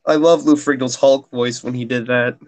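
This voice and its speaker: A man's voice: medium pitch, fairly even intonation, a little fast, a little mellow, no echo. A man co-hosting a live drawing stream, chatting casually and joking, laughing often.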